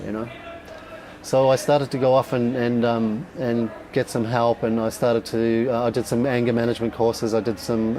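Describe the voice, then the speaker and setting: A middle-aged man with an Australian accent, giving a raw, candid personal talk at a dinner event, swearing often and pausing with fillers. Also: mid-range voice, darkish tone, slight background noise, low-quality recording.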